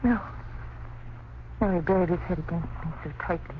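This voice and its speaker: A woman's voice: on the low side, normal speed, close to an everyday voice. A woman playing a terrified young mother. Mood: shaken. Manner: pleading, breathless fear. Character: terrified young mother shielding her little son. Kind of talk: 1930s radio drama acting. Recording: noisy muffled old radio recording.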